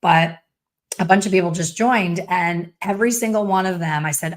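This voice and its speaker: A woman's voice: on the low side, moderate pace. A woman in her fifties hosting a live stream, talking in a blunt, chatty way with a sassy edge. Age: 50s. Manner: blunt, chatty, storytelling with sassy put-on voices. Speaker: hair color educator hosting a live stream. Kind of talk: casual live-stream chat.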